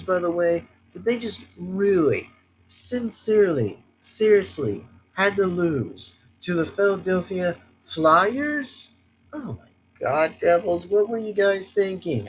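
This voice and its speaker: A man's voice: high-pitched, darkish tone, slight background noise, poor audio. A man vlogging a casual sports rant, rambling and repetitive with lots of filler words and sarcastic, exasperated complaints.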